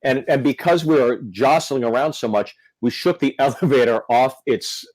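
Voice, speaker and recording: A man's voice: medium pitch, moderate pace, darkish tone, no echo, poor audio. A male comedian telling a story on a podcast, acting out the quotes. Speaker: comedian guest.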